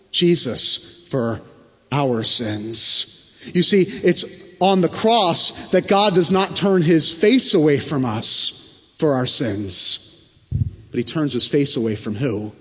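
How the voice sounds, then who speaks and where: A man preaching a sermon from the pulpit. He is emphatic and often sinks to a hushed, low tone. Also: breathy edge. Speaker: pastor. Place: church sanctuary. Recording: long church reverb.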